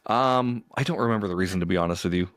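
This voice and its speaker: A man's voice: on the low side, rapid-fire, a bit bright, clear, resonant tone, dry recording, studio quality. A man co-hosting a podcast, telling stories in an easygoing, chatty way and laughing often. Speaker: podcast co-host. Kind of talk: casual chat.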